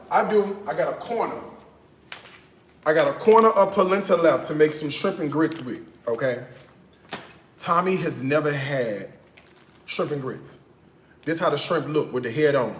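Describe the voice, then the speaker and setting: Playful guy going through his groceries, kinda high voice, lots of "okay?", echoey room with a little hiss. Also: fairly bright tone. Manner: chatty, playful, frequent "okay?" tags. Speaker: cooking channel host. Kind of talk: casual grocery haul chat. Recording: echoey room with faint noise.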